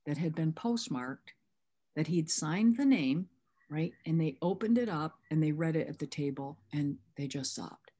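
With a deep, mellow voice edged with breathiness, a middle-aged woman shares a sponsorship story at a recovery workshop, acting out each person's lines.

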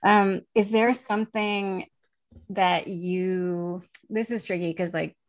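A woman's voice: mid-range voice, fairly even intonation, slow pace. A young woman hosting a casual talk show, chatting freely, laughing often and acting out quoted lines. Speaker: podcast host. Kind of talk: casual chat.

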